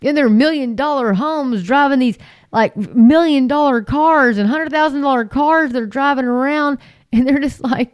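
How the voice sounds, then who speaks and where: A woman delivers fervent religious commentary, pressing her points again and again with plenty of fillers. Her voice sits on the higher side, and the recording is dry with no room sound. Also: moderate pace, dry recording. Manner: emphatic, repetitive, with frequent fillers. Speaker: Christian commentator.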